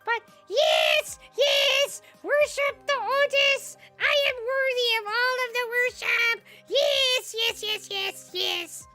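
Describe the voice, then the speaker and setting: A woman's voice: extremely high pitch, animated, slow pace, hardly any pauses, bright, forceful tone, soft background music, voice pushed up, full character voice. A woman voicing a pompous, boastful male pig emperor puppet who squeals grand praise of himself. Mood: gleeful.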